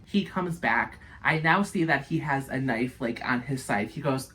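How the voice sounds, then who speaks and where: A woman vlogger telling a story to her viewers, animated and breathless, swearing constantly. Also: extremely low pitch, normal speed, few pauses, slight background noise. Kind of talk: casual storytelling to camera.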